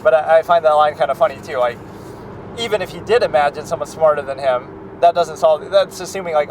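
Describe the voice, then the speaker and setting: A man's voice: fairly high pitch, brisk, noisy background. Rambling man talking about films. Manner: rambling, full of "like" and restarts. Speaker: film critic. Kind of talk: casual spoken commentary.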